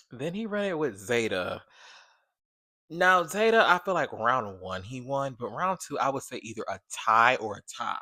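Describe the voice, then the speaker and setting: A man reviewing a reality TV episode in a casual vlog, slangy and rambling, swinging from loud bursts to low mutters. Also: big pitch swings, brisk, no room sound, studio quality. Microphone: camera on a tripod.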